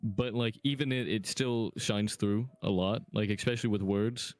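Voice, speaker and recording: A man's voice: lowish voice, normal speed, dry recording, faint music behind. A young man co-hosting a podcast in casual chat, slurring a lot of his words. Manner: slurs words, relaxed. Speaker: podcast co-host.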